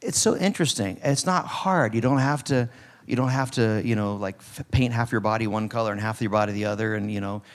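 A man preaching a sermon in a church service, talking in a casual, animated way and acting out quoted lines. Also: on the low side, brisk. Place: church sanctuary.

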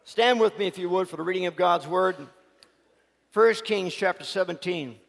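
Male preacher, high voice, folksy animated storyteller, church hall reverb. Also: moderate pace, gravelly. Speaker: pastor. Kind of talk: sermon with storytelling.

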